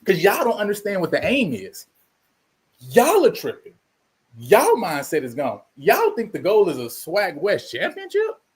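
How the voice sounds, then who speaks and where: A man's voice: sits high, wildly swooping pitch, measured pace. A man hosting his channel, delivering an emphatic, preachy commentary monologue and repeating himself for emphasis. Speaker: channel host.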